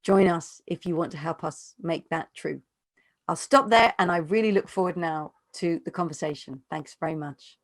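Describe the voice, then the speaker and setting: A woman's voice: fairly low pitch, moderate pace, no echo. Earnest woman lecturing. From United Kingdom. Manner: earnest, emphatic, persuasive. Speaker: economist giving a keynote. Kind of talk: lecture and Q&A answers.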